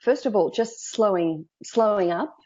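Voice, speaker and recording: A woman with an Australian accent, a public speaking coach giving lively, emphatic advice in an interview over a video call. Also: mid-range voice, a little slow, lo-fi sound. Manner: lively, emphatic, acts out quoted thoughts.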